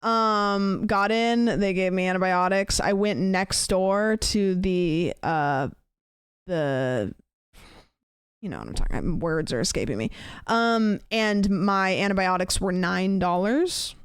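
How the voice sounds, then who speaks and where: American lady streaming, rambly chat full of ums, smooth clear voice, dry sound. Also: medium pitch, takes it slowly, dry recording. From United States. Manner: rambling storyteller, many fillers and restarts. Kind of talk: casual livestream chat.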